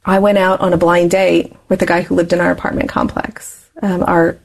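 A woman's voice: lowish voice, level tone, moderate pace, gravelly. A woman in her forties, an interview guest telling her life story candidly and laughing often as she talks.

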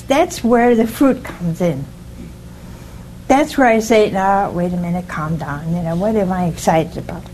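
A woman's voice: medium pitch, warm tone, a little hiss or hum, poor audio. An older woman giving an informal, folksy sermon, often stopping to ask "see?" and putting questions to her listeners. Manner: folksy, keeps asking "see?". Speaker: preacher.

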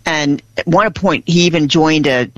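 A woman's voice: low voice, measured pace, no room sound. A woman co-hosting a religious radio show, chatting animatedly and laughing often. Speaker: radio co-host. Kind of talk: casual radio chat. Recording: dull lo-fi radio audio.

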